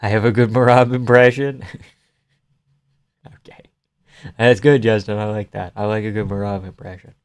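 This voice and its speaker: A man's voice: lowish voice, flat delivery, moderate pace, long pauses, clean tone. A man live-streaming casual commentary on a fight, offhand and joking, swearing freely.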